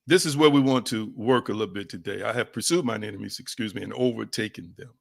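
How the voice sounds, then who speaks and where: Talking fast in a lowish, creaky voice, a man delivers a sermon in a conversational yet forceful style. He repeats key phrases and calls directly on the audience, addressing them as "y'all."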